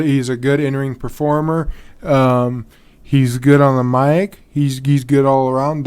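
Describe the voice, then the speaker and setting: A man's voice: mid-range voice, darkish tone, clean tone. A man hosting a podcast on his own in a casual, rambling way, full of ums and restarts, yawning and tired. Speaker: podcast host. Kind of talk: casual solo podcast talk.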